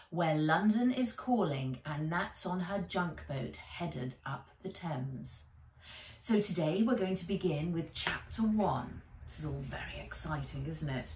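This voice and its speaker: Woman reading her kids book aloud, lively, slow, roomy sound, mic kinda far off. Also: on the low side. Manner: expressive, animated reading. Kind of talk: storybook read-aloud. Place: small writer's shed. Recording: echoey room, mic a bit distant.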